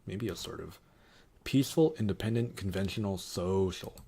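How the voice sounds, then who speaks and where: A man's voice: sits low, normal speed, creaky, warm tone, slightly rough. A man streaming casually, reading quiz options aloud and muttering wry, sarcastic asides.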